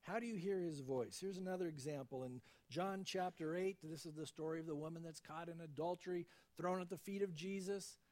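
Man, pastor, high voice, conversational sermon, acts out quoted voices. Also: fairly quick, few pauses, a little mellow.

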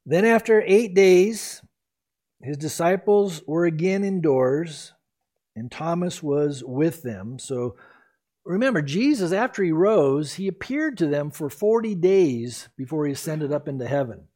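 A man's voice: on the high side, lively intonation, a little slow, dark tone. Earnest man preaching a sermon. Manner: earnest, exhorting, emphatic preaching. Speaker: pastor.

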